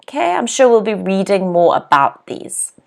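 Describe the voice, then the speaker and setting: A woman running a live online English lesson, drilling pronunciation with lively, clear repetition. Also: mid-range voice, moderate pace. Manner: animated, clearly drills pronunciation, laughs often. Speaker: English teacher.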